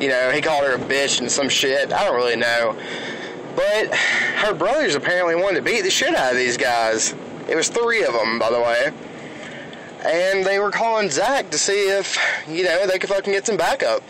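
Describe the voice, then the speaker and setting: A man's voice: fairly high pitch, animated, normal speed. A young man from Alabama with a Southern accent, rambling through a profane story while driving. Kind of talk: casual vlog storytelling. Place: inside a moving car. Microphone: phone camera. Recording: phone video with loud car noise. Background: car and road noise.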